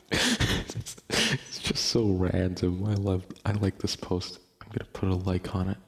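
A man's voice: low voice, unhurried, a little hiss or hum. A young man hosting a casual late-night podcast, rambling, laughing often and swearing casually. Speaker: podcast host.

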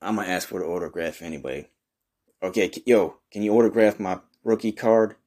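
A man with a low, deep voice runs an improvised comedy bit. He talks brash, slangy and profane. He argues with a partner who is never heard. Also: steady tone, brisk, darkish tone. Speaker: comedy podcast host in character.

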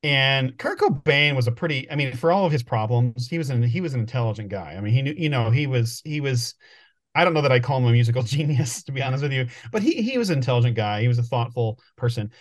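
A man's voice: mid-range voice, expressive, quick pace. A man co-hosting a podcast, chatting casually with frequent laughs and restarts. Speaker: podcast co-host. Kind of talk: casual chat.

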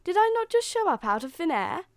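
A woman voicing a kindly, fussy old fairy godmother in a storybook reading, brisk and a little huffy. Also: fairly high pitch, very animated, a little mellow, no room sound, clean studio sound, pitched above the performer's own voice.

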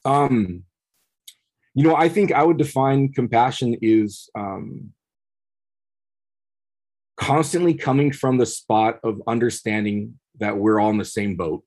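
A man's voice: mid-range voice, unhurried, long pauses, a little mellow. A man, a podcast guest, telling a personal story earnestly and building to passionate peaks, often repeating his words. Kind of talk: casual conversation, storytelling.

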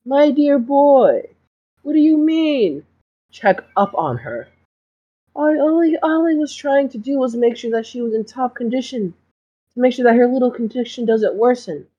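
Woman doing a creepy male doctor, high sing-song voice, patronizing, lo-fi sound. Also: lively intonation, normal speed, dark tone. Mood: oily, coaxing.

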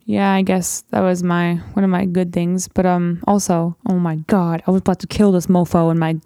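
Chatty teen girl with vocal fry. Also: on the low side, level tone, normal speed, dark tone, no room sound, studio quality. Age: teens. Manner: chatty, rambling, says "literally" often. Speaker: host. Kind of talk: casual chat.

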